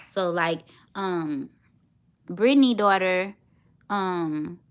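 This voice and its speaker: A woman's voice: lowish voice, very slow, clear, resonant tone. A woman in her thirties, a tired mother and vlogger, rambling casually to her viewers. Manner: rambling, chatty, talks straight to her viewers.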